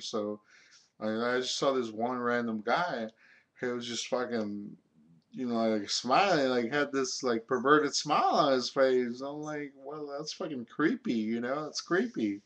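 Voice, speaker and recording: A man's voice: medium pitch, moderate pace, a bit bright. Rambling young man telling a story. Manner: rambling, heavy filler words and swearing. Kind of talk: casual storytelling.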